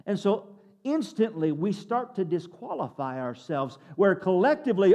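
A man's voice: fairly high pitch, very animated, normal speed. Dramatic man preaching with big swings. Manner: dramatic swings from loud to hushed, repeats words. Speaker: pastor. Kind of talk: sermon.

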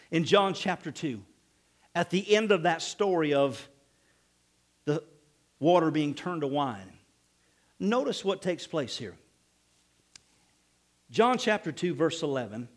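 A man preaching a sermon as pastor, animated, with frequent calls of amen and acted-out quotes. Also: fairly high pitch, measured pace, long pauses.

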